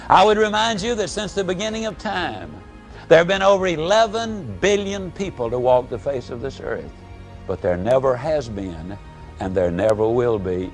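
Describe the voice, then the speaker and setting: Animated folksy motivational speaker, man. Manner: dramatic swings between booming and hushed delivery; folksy storytelling. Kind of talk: live motivational speech.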